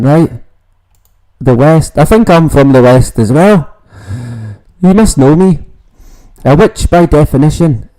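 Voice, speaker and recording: Slow-talking man hosting a livestream. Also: medium pitch, mellow, low-quality recording. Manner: rambling, swearing, reads out viewer comments. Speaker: livestream host. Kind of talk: casual late-night livestream chat.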